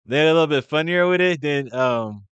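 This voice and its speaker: A man's voice: a little high, animated, normal speed, fairly bright tone, clear, resonant tone, no echo, muffled recording. A man giving blunt, slangy commentary in a casual reaction video. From United States.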